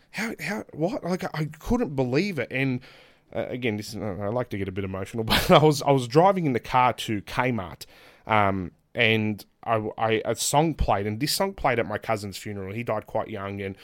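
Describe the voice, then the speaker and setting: Animated man telling wrestling stories. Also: on the low side, brisk. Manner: animated, laughs often, acts out quotes. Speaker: guest pro wrestler. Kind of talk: casual podcast storytelling.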